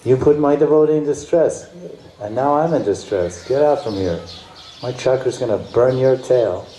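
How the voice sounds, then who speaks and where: A man's voice: medium pitch, moderate pace, warm tone, reverberant, slight background noise, natural voice, rough recording. A man voicing a stern, protective god who bluntly threatens an angry sage, in a devotional story told during a lecture. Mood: threatening.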